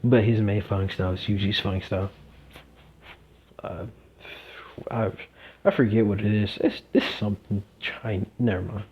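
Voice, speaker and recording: Rambling young man with a husky voice. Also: fairly low pitch, moderate pace, pauses often, highs cut off. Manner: rambling, heavy fillers. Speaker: fan storyteller. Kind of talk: casual fan-fiction storytelling.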